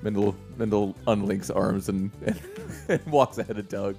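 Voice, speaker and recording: A man's voice: lowish voice, moderate pace, gravelly, a little mellow, faint music behind. A man playing a tabletop game, joking, swearing and reacting with lots of energy. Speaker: player. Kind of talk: casual tabletop game chat.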